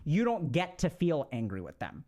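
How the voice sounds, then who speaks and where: Speaking on relationships, this man has a slightly high, darkish voice with big swings in pitch and a moderate pace. His talk is casual and explanatory, full of fillers and frequent check-ins with the audience.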